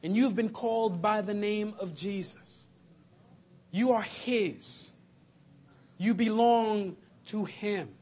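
A man preaching a sermon to his congregation, animated, laughing and shouting at times. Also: high voice, slow, pauses often. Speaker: pastor. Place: church sanctuary.

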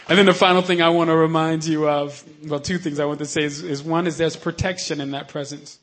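High-voiced male preacher, shifting between soft and shouted. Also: fairly even intonation, brisk, few pauses, a faint crowd, a little hiss or hum. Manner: builds to shouted hallelujahs, then drops to quiet earnest teaching; conversational, asks "you know what I mean?". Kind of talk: sermon.

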